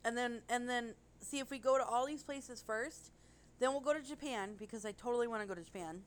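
A woman's voice: on the high side, brisk. A woman co-hosting a casual podcast chat, rambling and gushing, with casual swearing. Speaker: podcast co-host.

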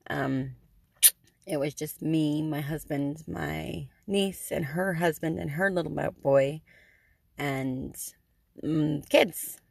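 A middle-aged woman tells a story in a casual, chatty way, with lots of ums and dry sarcasm. Her voice sits low and has a gravelly fry. The sound is close and dry, with no room around it. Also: slow pace, darkish tone, dry recording. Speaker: podcast host.

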